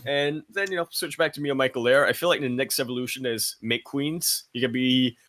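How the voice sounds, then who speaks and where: A man's voice: mid-range voice, big pitch swings, normal speed, a bit bright. A man co-casting a live esports tournament in laid-back, joking banter with frequent laughs. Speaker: esports co-caster. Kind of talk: casual live commentary banter.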